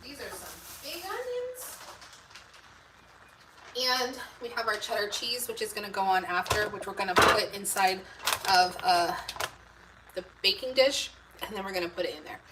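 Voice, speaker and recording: A woman chatting her way through a live cooking stream in her home kitchen, rambling to viewers and answering their comments as she goes. Her voice sits at an ordinary middle pitch. Loud background noise runs under the whole recording. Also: normal speed, far from the mic. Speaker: homemaking channel host.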